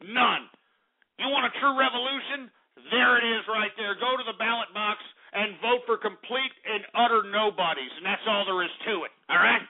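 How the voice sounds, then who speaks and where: A man hosting a call-in radio show, ranting loudly and brashly and swearing often. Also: high-pitched, moderate pace, vocal fry. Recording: narrow phone-like radio sound with faint music.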